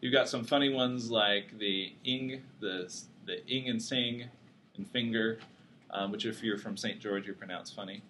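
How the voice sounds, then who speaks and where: A man's voice: fairly low pitch, fairly even intonation, measured pace, bright, forceful tone, a little hiss or hum. A man teaching a psychology class, lecturing casually and joking with his students. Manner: casual, joking, self-deprecating.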